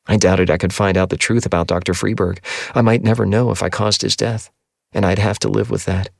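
A man reading a first-person novel aloud in a measured, somber audiobook narration. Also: low-pitched, fairly even intonation, creaky, dry recording, studio quality.

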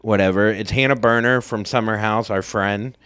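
A man's voice: lowish voice, steady tone, moderate pace, fairly bright tone, clean tone, no room sound, studio quality. A man co-hosting a podcast, telling rambling everyday stories in casual chat. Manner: rambling storyteller, puts on silly surfer-dude voices. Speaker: podcast co-host.

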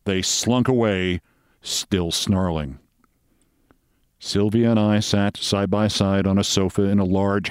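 A man reading a short story aloud as host, with measured, wry storytelling. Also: on the low side, darkish tone, dry recording, clean studio sound.

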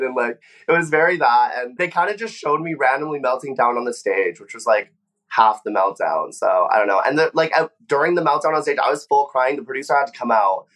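A man's voice: mid-range voice, fairly quick, a bit bright. A young man, a former reality competition contestant, chatting casually in an interview, full of "like" fillers and acted-out quotes. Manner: chatty, frequent "like" fillers, acts out quoted voices.

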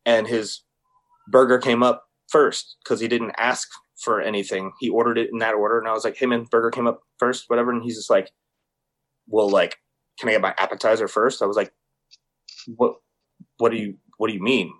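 Animated, swearing young man storyteller. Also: lowish voice, moderate pace, long pauses. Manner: animated storyteller, swears freely, acts out quoted people. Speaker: podcast co-host. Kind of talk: casual chat.

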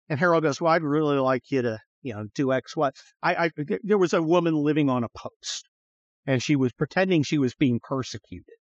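A middle-aged man hosting a podcast, telling stories in a profane, animated way and acting out the people he quotes. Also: on the high side, a little fast, no echo. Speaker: podcast host. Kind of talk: casual storytelling chat. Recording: slightly dull, dry studio sound.

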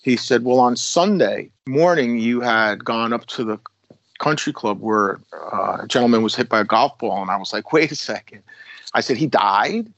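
Rambling ex-cop telling stories, dry audio. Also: male voice, medium pitch, moderate pace, fairly bright tone, no echo, muffled recording. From United States. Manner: rambling, many restarts, acts out quotes. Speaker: former police officer telling stories. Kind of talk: casual storytelling.

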